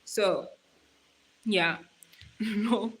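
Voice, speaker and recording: A woman livestreamer chatting casually, animated and laughing often as she teases and advises her viewers. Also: mid-range voice, extremely slow. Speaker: livestreamer reading chat.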